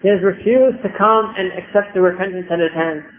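A man's voice: sits high, fairly even intonation, brisk, close to an everyday voice. A man voicing a grieving mother. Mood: sorrowful. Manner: sorrowful. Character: grieving mother of a dying son. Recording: echoey tinny phone-like recording.

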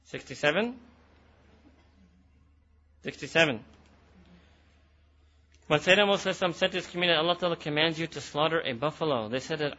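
Man, religious teacher, storytelling lesson, slightly high voice, dull lo-fi recording. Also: moderate pace, long pauses, sharp tone. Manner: explains and retells, repeats phrases for emphasis; mixes in Arabic and Urdu words. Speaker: Islamic teacher. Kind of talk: Quran lesson talk.

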